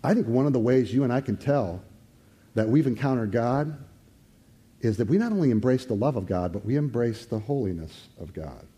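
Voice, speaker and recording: Husky, animated male preacher. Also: medium pitch, normal speed. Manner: animated, swings from loud to hushed. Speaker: pastor. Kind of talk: sermon.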